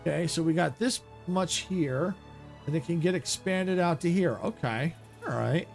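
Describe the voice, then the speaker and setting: A man streaming a video game live, thinking aloud in a casual, excitable way. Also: a little high, a little slow, creaky, faint music behind. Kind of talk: live gameplay commentary.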